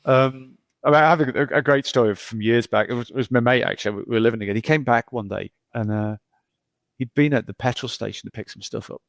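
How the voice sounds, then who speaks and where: Gravelly middle-aged man, rambling talk. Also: medium pitch, fast talker, no echo. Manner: rambling, anecdotal, many repeats and "you know". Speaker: geologist guest. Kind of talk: casual podcast conversation.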